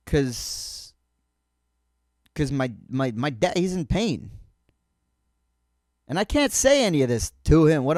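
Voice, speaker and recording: Sardonic man rambling with swooping pitch. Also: sing-song, unhurried, pauses often, darkish tone, no room sound, clean studio sound. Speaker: podcast host. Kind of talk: comedic monologue.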